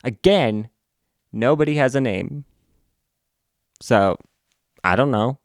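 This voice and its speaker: A man reviewing a comic book in a casual recap, halting and restarting, with sarcastic asides. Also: medium pitch, animated, no room sound, studio quality.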